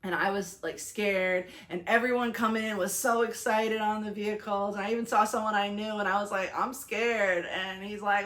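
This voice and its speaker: A young woman vlogger casually retelling her day, chatty and animated, with lots of fillers and self-conscious restarts. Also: mid-range voice, normal speed, hardly any pauses. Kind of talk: casual storytelling recap.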